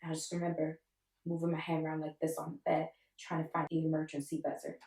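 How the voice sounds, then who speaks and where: A woman in her twenties tells a personal story in an emotional, animated way, acting out the voices of others. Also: low voice, quick pace. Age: 20s. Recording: echoey room, voice from a distance.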